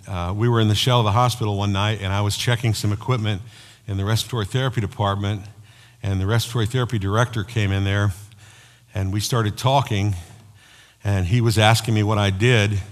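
Low-voiced pastor preaching in a reverberant hall. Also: male voice, fairly quick. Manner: storytelling, animated, acts out quoted voices. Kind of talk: sermon.

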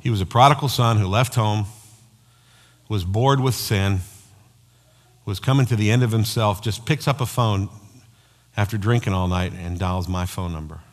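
A man preaching a sermon as pastor, telling personal stories in an animated way. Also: fairly low pitch, moderate pace, pauses often. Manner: storytelling, animated, acts out quoted voices. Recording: long hall reverb.

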